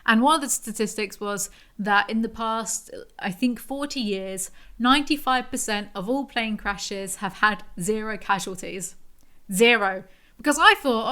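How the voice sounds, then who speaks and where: A woman hosting a podcast, telling a story in a rambling, animated, self-mocking way. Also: on the high side, normal speed. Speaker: podcast host. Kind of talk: casual storytelling monologue.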